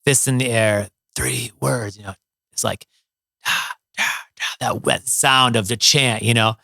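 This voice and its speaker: Ohio guy in his 40s rambling through funny tour stories, bright gravelly voice, dry close mic. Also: mid-range voice, a little slow, no room sound. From Toledo, Ohio, USA. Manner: animated storyteller, many fillers and restarts. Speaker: guest, musician. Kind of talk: storytelling in a casual interview.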